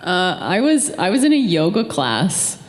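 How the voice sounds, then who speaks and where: A woman's voice: lowish voice, very animated, unhurried, a faint crowd. Chatty woman on a convention stage. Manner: chatty, warm storytelling with fillers. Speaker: panel guest. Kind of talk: convention panel storytelling. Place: large convention hall. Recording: echoey hall from far off.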